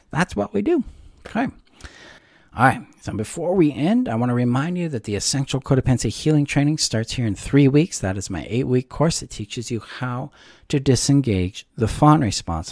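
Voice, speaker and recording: Man, calm coaching lesson, gentle and reassuring, low gravelly voice, dry close sound. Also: no room sound. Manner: soft-spoken, gentle and reassuring, with frequent ums and likes. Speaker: codependency coach and course teacher. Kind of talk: calm instructional talk to camera.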